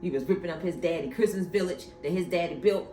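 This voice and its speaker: A woman hosting a casual TV recap chat, telling the story in an animated, gossipy way. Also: lowish voice, fast, soft background music. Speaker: podcast host. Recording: echoey room with faint noise.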